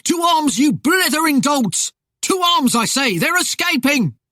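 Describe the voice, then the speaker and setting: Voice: high voice, big pitch swings, unhurried, sharp tone, no room sound, clean studio sound, voice pushed up, full character voice. The narrator of a storybook voicing a furious male outlaw leader who bellows orders at his men.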